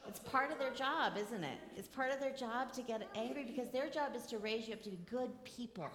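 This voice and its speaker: A woman in her forties giving a children's sermon, gently asking the children questions and drawing them into the story. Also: a little high, a little fast, crowd noise. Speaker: children's message leader.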